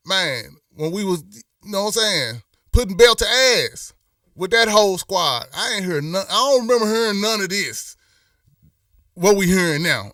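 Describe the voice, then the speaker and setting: A man's voice: sits high, bright, forceful tone, dry recording, clean studio sound, recorded from a distance. Impassioned man ranting on a live stream. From Memphis. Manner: rambling and impassioned, many restarts and fillers. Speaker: host. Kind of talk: casual live-stream talk.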